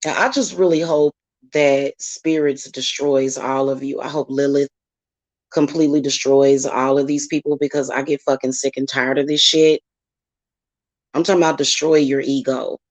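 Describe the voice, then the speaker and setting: This woman's voice is extremely low in pitch, steady in tone, and moderate in pace. A spiritual reader and channel host, she unleashes a furious, profane, confrontational vlog rant at her critics, captured in a dry recording.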